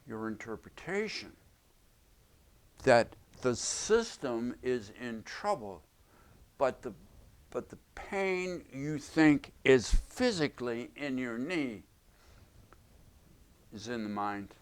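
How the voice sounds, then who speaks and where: A man gives an explanatory video lecture at an unhurried, deliberate pace. His voice sits in an ordinary middle pitch, and he leans on key words and says them again to drive his points home. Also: very animated, smooth. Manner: emphatic, repeats key phrases. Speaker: self-help teacher.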